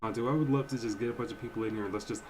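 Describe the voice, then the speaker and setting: A man's voice: medium pitch, steady tone, very fast, background noise. A young man hosting a livestream, chatting casually in a rambling, emotional, slangy way. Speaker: livestream reaction host.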